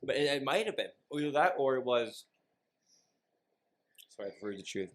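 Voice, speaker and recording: A man's voice: medium pitch, big pitch swings, a little fast. Joking young man. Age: 20s. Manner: rambling, joking, swears freely. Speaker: podcast co-host. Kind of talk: casual chat.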